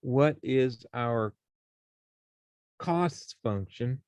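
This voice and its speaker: A man's voice: mid-range voice, lively intonation, drawn-out words, darkish tone, no echo. A man teaching a college algebra class, explaining each step and checking in with his students. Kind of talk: classroom math lecture.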